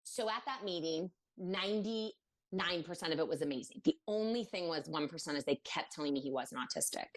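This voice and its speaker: A woman's voice: on the low side, brisk. A woman from Maryland, a podcast guest, telling a personal story in a casual interview, acting out what others said, with many fillers. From Maryland, USA. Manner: animated, acts out quoted voices, many fillers.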